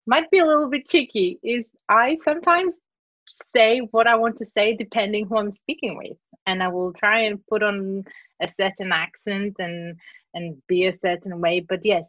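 A British woman in casual chat, talking in a thoughtful, questioning, animated way. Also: medium pitch, no echo. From Britain. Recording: slightly dull dry recording.

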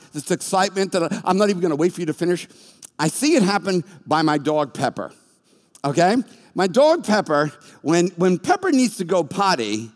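A man preaching a sermon as a pastor, telling stories with animation and acting out the voices of the people in them. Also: on the high side. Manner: animated storytelling, acts out voices. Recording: long reverb of a large hall.

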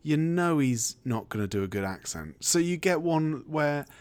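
Chatting casually about a film, this male podcast host is wry and talkative and likes to ask leading questions. His slightly high voice is animated and a little dark in tone, moving at a moderate pace.

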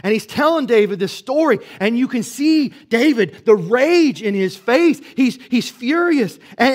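A male pastor with a notably high voice delivers a sermon in a relaxed, conversational way. He drops into quiet, intimate asides and rises to emphatic peaks, checking in with rhetorical questions along the way. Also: normal speed, few pauses. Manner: swings from hushed to emphatic.

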